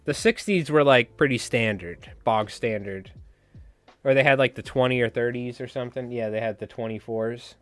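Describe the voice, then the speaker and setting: A man's voice: mid-range voice, moderate pace, fairly bright tone. A man hosting a casual fly tying live stream, joking and rambling as he talks back to his chat.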